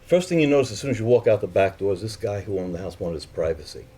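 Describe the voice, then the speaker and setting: A man's voice: fairly low pitch, lively intonation, fast talker, warm tone, slightly rough. A man telling a story to a live audience, casually swearing and acting out the people he quotes in a raised voice.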